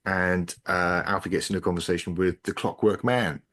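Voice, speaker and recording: A man's voice: low-pitched, fairly even intonation, fairly quick, a bit bright. A man co-hosting a podcast, chatting in an easygoing, knowledgeable way. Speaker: podcast co-host. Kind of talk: casual chat.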